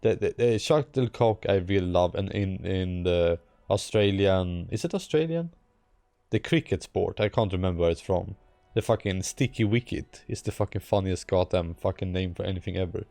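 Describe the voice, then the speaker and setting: A Swedish-accented man rambles through a live stream, cursing and amused. His voice is low and gravelly with a mellow tone, recorded dry and close, with faint music under it. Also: normal speed, no echo. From Sweden. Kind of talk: casual live-stream commentary.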